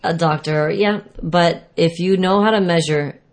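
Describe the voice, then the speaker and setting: A woman's voice: on the low side, measured pace. A woman fitness trainer giving casual advice on food and exercise, rambling and correcting herself as she explains.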